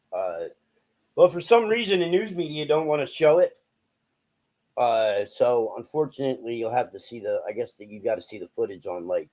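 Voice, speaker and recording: A young adult man talking casually to viewers, swearing a lot, joking and rambling with many fillers. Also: medium pitch. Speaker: vlogger.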